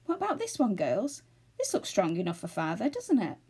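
A woman's voice: mid-range voice, huge pitch swings, brisk, darkish tone, husky, full character voice. A woman reading aloud and voicing an eager young boy who turns stern when let down. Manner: keen, and stern when crossed.

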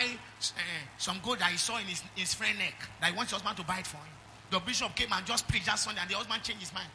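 A middle-aged Nigerian-accented man preaching a sermon in church, calling out to the congregation and swinging from loud exhortation to quiet asides. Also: sits high, slight background noise. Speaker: pastor.

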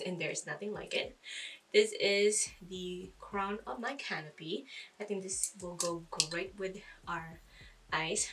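A woman's voice: fairly low pitch, a little slow, far from the mic, noisy background. A woman giving a casual makeup tutorial, chatting, thinking aloud and poking fun at herself as she goes. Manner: chatty, self-deprecating, thinks aloud with fillers. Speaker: beauty vlogger.

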